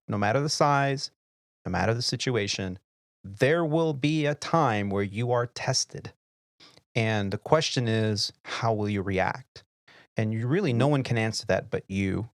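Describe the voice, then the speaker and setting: A middle-aged man hosting an aviation podcast, telling flight-deck stories in a lively, casual way. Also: mid-range voice, no room sound, clean studio sound. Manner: animated storyteller, acts out quoted voices and laughs. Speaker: podcast host and airline pilot. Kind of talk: casual storytelling chat.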